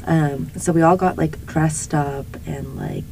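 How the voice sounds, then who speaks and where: A young woman with a slightly low voice tells a story in easy podcast chat. She is animated and laughs often, with fillers everywhere. A faint background hiss sits under the recording. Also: measured pace, creaky, rough recording. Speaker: podcast co-host.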